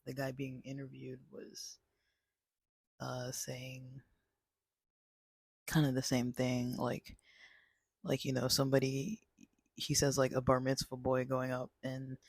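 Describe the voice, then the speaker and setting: A man's voice: medium pitch, monotone, takes it slowly, creaky, long pauses, husky, no room sound. A man casually reviewing a movie, rambling with many fillers and restarts. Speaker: channel host.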